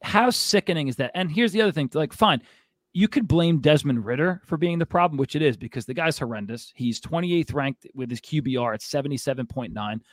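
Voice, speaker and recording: A man's voice: a little high, lively intonation, a little fast, no echo, studio quality. A man co-hosting a sports podcast, ranting in a fired-up, exasperated way. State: out of breath. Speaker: podcast co-host.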